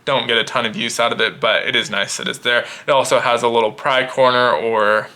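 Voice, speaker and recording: A man casually demonstrating and reviewing gear, explaining in a relaxed way and thinking aloud with small restarts. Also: mid-range voice, brisk.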